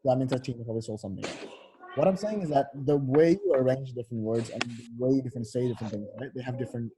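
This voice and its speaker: A man's voice: mid-range voice, rapid-fire, crowd noise. A male tutor explaining things casually, full of "like" and "um" and correcting himself as he goes. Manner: loose, filler-heavy explaining with frequent self-corrections.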